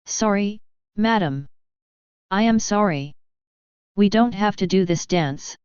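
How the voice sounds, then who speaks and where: A woman's voice: medium pitch, expressive, slow, darkish tone, clean tone, dry recording. A woman reading the lines of an anxious male wedding choreographer who pleads in broken English. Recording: dull, dry lo-fi audio.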